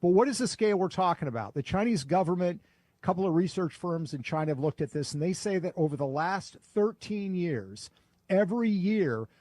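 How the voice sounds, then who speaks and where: Measured man explaining on air. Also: sits high, expressive, darkish tone, no echo. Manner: measured and explanatory, with a few fillers. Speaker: author and think-tank guest. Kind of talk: cable news interview.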